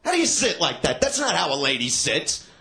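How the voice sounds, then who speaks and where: A male stand-up comic works the crowd, mocking and insulting audience members with crude jokes, sometimes shouting and laughing. His voice is fairly high and creaky, a little fast, with huge swings in pitch.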